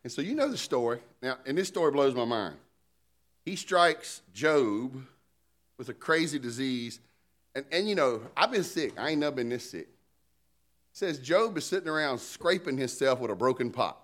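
Male pastor, middle pitch, very animated swings. Playful, chatty preaching with call-and-response. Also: moderate pace. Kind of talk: sermon.

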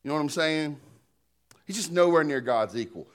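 A man's voice: a little high, animated, normal speed, smooth. A man preaching a sermon in a conversational, joking style, calling out to the congregation for responses and an amen. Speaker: pastor.

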